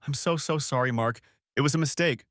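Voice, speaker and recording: A man's voice: medium pitch, a little fast, a bit bright, dry recording, clean studio sound, pitched above the performer's own voice, natural voice. A man voicing a wounded, tearful wife caught in an affair, pleading with a breaking voice.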